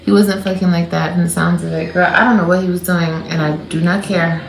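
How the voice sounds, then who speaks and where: A woman's voice: fairly low pitch, a little fast, creaky, crowd noise. Rambling woman livestreamer, echoey room. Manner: animated, rambling, loose. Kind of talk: casual live chat to viewers.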